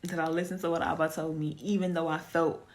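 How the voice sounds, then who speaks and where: Woman telling her testimony, kinda low voice, lots of um's and acting out what people said. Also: fairly quick. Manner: animated storytelling, acts out quoted dialogue; chatty with frequent fillers and restarts. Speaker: testimony speaker. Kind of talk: casual spoken testimony.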